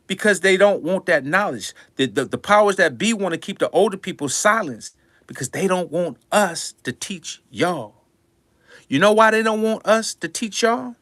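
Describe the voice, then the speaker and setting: A man's voice: sits high, a bit bright, no room sound. An older man, a music producer, giving a passionate, preachy talk to his audience in slangy speech, repeating his lines for emphasis. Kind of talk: passionate monologue.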